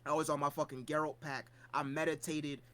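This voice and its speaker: A podcast co-host telling a convention story in casual chat, animated and profane, jumping between loud bursts and low mutters. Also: brisk, slight background noise.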